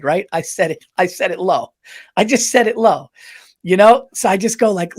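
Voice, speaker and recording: An animated man with a fairly high voice tells a story on a casual podcast, swearing often. His delivery is chatty and lively, and he quotes what other people said as he goes. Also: normal speed. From United States. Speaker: podcast co-host. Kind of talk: casual chat.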